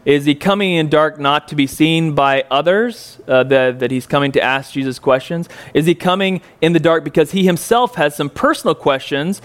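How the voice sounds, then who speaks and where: Brief: male pastor, slightly high voice, relaxed folksy sermon delivery with joking asides. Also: moderate pace, hardly any pauses. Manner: folksy, joking asides, frequent ums and uhs. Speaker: preacher. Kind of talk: conversational sermon.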